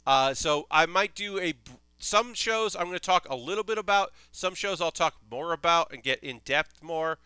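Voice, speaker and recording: Bright-voiced, eager streamer man, close and dry. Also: fairly high pitch, expressive, moderate pace, smooth, dry recording. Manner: rambling and enthusiastic, swears freely. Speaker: streamer building a model kit. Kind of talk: casual live-stream chat.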